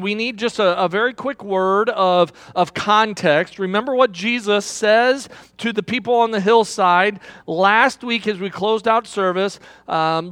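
A man's voice: high-pitched, fairly bright tone, dry recording, studio quality. A man pastor preaching a conversational sermon, often repeating words and asking the congregation questions.

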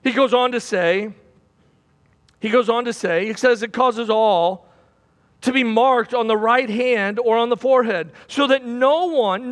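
A man preaching a sermon from a church platform, swinging between loud bursts and hushed, repeated phrases. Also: very high voice. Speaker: pastor. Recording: long hall reverb.

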